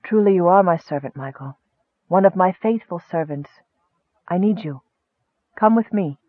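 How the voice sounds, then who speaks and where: A man voicing a gentle, commanding female goddess who speaks softly, recorded dry and tinny. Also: high voice, normal speed, no echo. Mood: tender. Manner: gentle, soft. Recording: dry, tinny, narrow-band.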